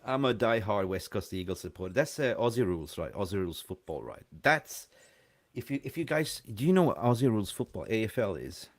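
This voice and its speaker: A man hosting a live call-in show, chatting casually and rambling, quick to laugh. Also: on the low side, very animated.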